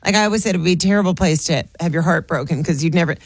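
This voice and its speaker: A woman guest in a radio studio telling an animated comic story, mimicking rising upspeak. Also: fairly low pitch, rapid-fire, no room sound. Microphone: studio microphone.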